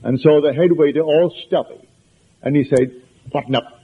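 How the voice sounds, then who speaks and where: A man with an accent gives a conversational spiritual lecture, telling anecdotes and repeating points for emphasis. His voice is husky and sits a little high. It comes through a thin, lo-fi, phone-like recording. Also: steady tone, moderate pace. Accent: foreign accent.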